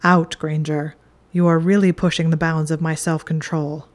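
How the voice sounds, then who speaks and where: A woman's voice: low-pitched, flat delivery, moderate pace, lightly acted. Draco Malfoy: a sardonic young wizard, as a woman reader puts him on. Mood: stern. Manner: dry, clipped, commanding. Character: sardonic arrogant young male wizard student. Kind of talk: audiobook narration.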